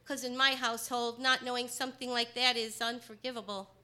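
A woman from Chicago telling a personal story, partly in rhyming verse, moving between hushed and emphatic delivery. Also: a little high, fairly even intonation, moderate pace. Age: adult.

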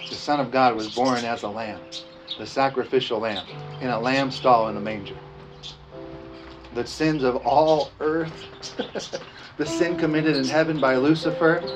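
A man preaching a communion sermon, reading scripture aloud, slowing down on key phrases and leading the congregation in repeating lines. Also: mid-range voice. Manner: emphatic, slows down on key phrases. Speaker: pastor. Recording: dull lo-fi sound with music behind. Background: music playing.

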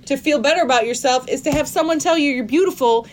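A woman's voice: sits high, quick pace, a little hiss or hum. A woman co-hosting a podcast, explaining the characters' feelings in casual talk. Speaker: podcast co-host. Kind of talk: casual discussion.

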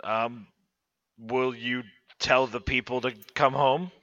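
A man playing a loud, impatient governor. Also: mid-range voice, steady tone, slow, no echo, muffled recording. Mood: resigned. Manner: bellows for his assistant.

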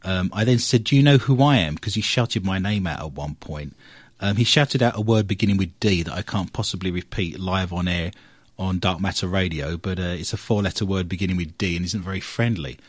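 Guy, deep-ish voice, radio host telling a haunted house investigation story, lively storyteller. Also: brisk, no echo. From England. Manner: animated storytelling, walks through notes point by point. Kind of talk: radio talk recounting an investigation.

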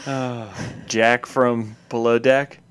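Smooth-voiced, teasing podcast co-host. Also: mid-range voice, flat delivery, slow pace. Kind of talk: casual chat.

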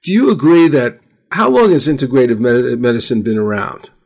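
An older man hosting a radio show, telling a personal story in measured, earnest narration. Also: mid-range voice, big pitch swings, creaky, a little mellow. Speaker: radio host.

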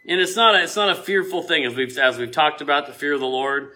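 A man giving an informal sermon, chatty and full of fillers, with loud emphasis when he reads scripture. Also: mid-range voice, expressive, brisk. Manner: laughs often and uses many fillers and restarts. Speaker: preacher.

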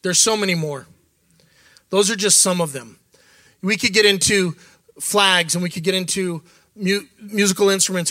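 A man's voice: high-pitched, pushed and bright, no room sound. A middle-aged man giving a candid, conversational sermon as an associate church leader. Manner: candid, conversational preaching with quoted asides.

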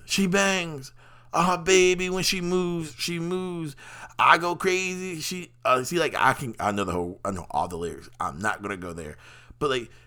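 A man with a mid-range, slightly bright voice hosts a podcast and rambles through a personal monologue. He's talkative and leans on lots of fillers.

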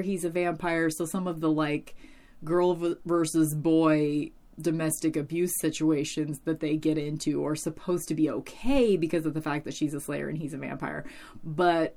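A woman with a low voice gives a casual, opinionated episode recap. Her talk is full of fillers, with the odd curse and laugh mixed in. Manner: opinionated, animated, swears and laughs, many fillers. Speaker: TV episode reviewer.

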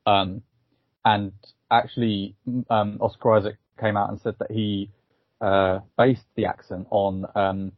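A man's voice: on the low side, unhurried, no echo, phone-quality sound. A man co-hosting a podcast, chatting casually and a bit hesitantly with frequent ums. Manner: relaxed, hesitant with many ums. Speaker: podcast co-host. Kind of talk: casual chat.

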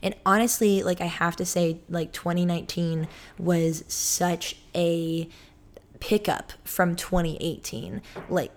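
A woman's voice: lowish voice, steady tone, slow. A young woman in her twenties hosting a casual solo podcast from her apartment, rambling and chatty, often cutting herself off. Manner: rambling, chatty, self-interrupting with many likes. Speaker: podcast host. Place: apartment room.

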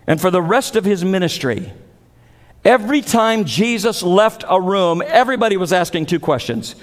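High-voiced pastor preaching in a reverberant hall. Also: male voice, expressive, normal speed. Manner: dramatic preaching, acts out voices of biblical figures. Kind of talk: sermon.

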